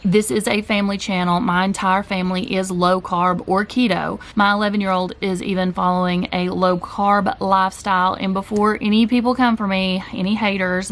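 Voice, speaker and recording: Earnest woman vlogging to her viewers. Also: medium pitch. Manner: earnest, heartfelt and direct, openly emotional. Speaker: keto vlogger. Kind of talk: candid personal vlog talk to viewers. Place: home kitchen.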